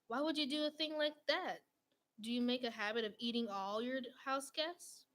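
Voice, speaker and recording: A woman voicing a shrill, indignant talking doughnut. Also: moderate pace, fairly bright tone, lightly acted. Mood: outraged. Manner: polite, then shrill and outraged.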